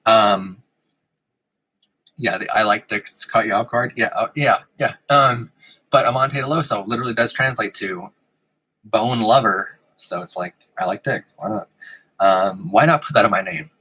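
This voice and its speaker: A man with a lowish, pushed, bright voice and a breathy edge hosts a casual live-streamed show at normal speed. He giggles often and rambles with plenty of ums, a fan running in the room, and the recording is rough.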